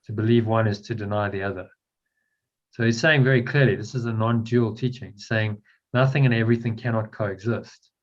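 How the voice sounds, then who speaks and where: A man with a fairly low voice guides a spiritual study group over a dull, lo-fi line. He explains things patiently and tends to repeat words as he talks. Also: fairly even intonation, brisk. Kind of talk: guiding a spiritual text discussion. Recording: dull lo-fi sound.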